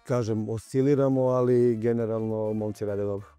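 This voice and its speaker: A man coaching water polo, answering interview questions in a measured way, often repeating words as he thinks aloud. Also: on the low side, steady tone, mellow, smooth, no room sound, faint music behind.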